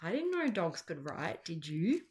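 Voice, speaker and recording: A middle-aged Australian woman and teacher reading a picture book aloud to children, with chatty, lively asides. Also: fairly low pitch, a little slow. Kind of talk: children's storytime read-aloud.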